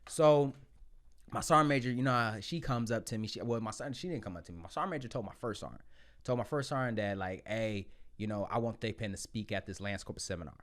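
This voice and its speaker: A man in his thirties telling his story as a podcast guest, blunt and profane, loud when excited and quiet when reflective. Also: fairly low pitch, fast talker. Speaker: podcast guest, Marine sergeant. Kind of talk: casual storytelling.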